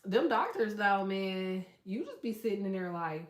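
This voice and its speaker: A woman hosting a casual livestream, telling stories in a loud, profane, animated way and reading out chat comments. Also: medium pitch, moderate pace, hardly any pauses, roomy sound. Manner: profane, animated storytelling with quoted voices.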